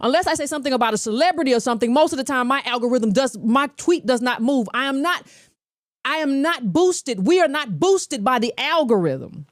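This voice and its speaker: An American woman hosts a commentary show, arguing in a combative, scornful and emphatic way. Her voice sits high, and the recording is dry and close. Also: animated, brisk, no echo. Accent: American English. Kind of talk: opinionated political commentary.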